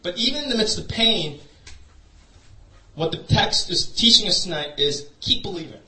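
A man's voice: high-pitched, expressive, normal speed, sharp tone. A man preaching a sermon through a personal story, in a loose conversational way full of "you know". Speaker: pastor. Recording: echoey room, voice from a distance.

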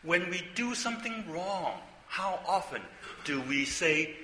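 A man's voice: fairly high pitch, animated, normal speed, pushed and bright, a little hiss or hum. Older man preaching in an echoey hall. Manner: conversational storytelling, frequent asides and rhetorical questions. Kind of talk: sermon.

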